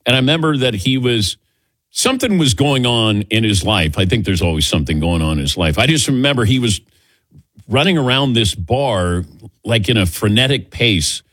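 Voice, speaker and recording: A man hosting a sports talk radio show, chatting casually and telling animated stories with quick laughs. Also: on the low side, dry recording. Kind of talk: casual morning radio banter. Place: radio studio.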